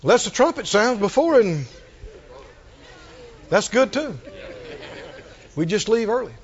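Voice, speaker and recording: A preacher with a strikingly high voice that swings widely in pitch as he builds his points. He speaks slowly and deliberately, rising into shouted refrains. The sound is muffled and lo-fi, like an old sermon recording. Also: big pitch swings.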